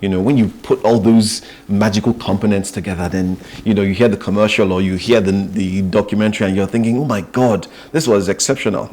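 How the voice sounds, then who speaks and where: A middle-aged man from Nigeria, a voice-over artist, speaking in a measured, thoughtful way with pauses in a morning TV interview. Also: on the low side, fairly even intonation, darkish tone, a little hiss or hum.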